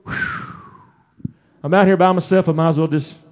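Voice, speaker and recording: A middle-aged man preaching a folksy, emphatic sermon in a church, his voice rising into shouts. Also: fairly high pitch, fairly even intonation, moderate pace. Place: church sanctuary.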